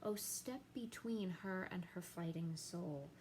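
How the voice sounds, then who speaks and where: A woman's voice: fairly low pitch, takes it slowly, darkish tone, a little hiss or hum, low-quality recording. A woman reading the lines of a dead king's ghost, solemn and commanding. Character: stern ghost of a dead king. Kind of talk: dramatic reading of verse.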